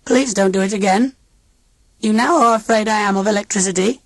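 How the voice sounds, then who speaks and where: Grinny, a stiff alien robot great-aunt, voiced high by an audiobook reader. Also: a little fast, dry recording, close to an everyday voice. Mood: pleading. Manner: stiff, formal, oddly stressed speech. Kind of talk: audiobook character voice.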